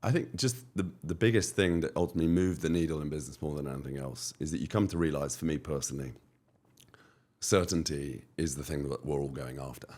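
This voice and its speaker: A man's voice: very deep voice, fast, a little mellow. A man from the United Kingdom, a guest entrepreneur on a podcast, talking in an emphatic, motivational way and repeating phrases for effect. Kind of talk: podcast interview.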